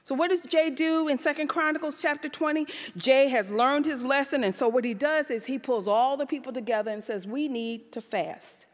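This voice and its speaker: Animated woman preaching in a hall. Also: high-pitched, a little fast, hardly any pauses. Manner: animated preaching, rhetorical questions, shouts. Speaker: pastor. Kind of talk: sermon. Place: church sanctuary. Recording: live church service in a reverberant hall.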